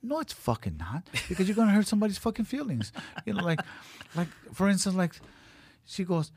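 A man's voice: sits high, very animated, fairly quick, darkish tone, husky. A middle-aged man in casual chat, blunt and profane, rambling through stories. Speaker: podcast guest, cutman.

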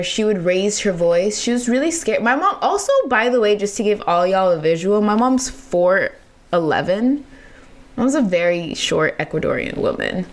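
A woman hosting a podcast, telling a personal story in casual, animated, profane talk with frequent laughter. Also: fairly low pitch, unhurried. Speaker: podcast host.

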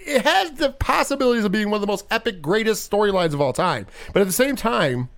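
A man hosting a podcast in casual chat, animated and profane, rambling with restarts. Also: high-pitched, fast. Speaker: podcast host.

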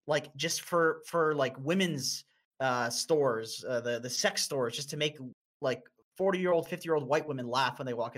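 Young North American man, casual co-host, profane and animated, prone to sudden pitch spikes. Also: moderate pace. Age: 20s. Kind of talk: casual chat.

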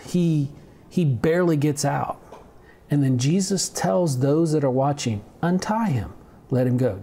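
A man's voice: medium pitch, dark tone, breathy edge. A male pastor giving a conversational sermon on video, reading scripture and adding humorous asides.

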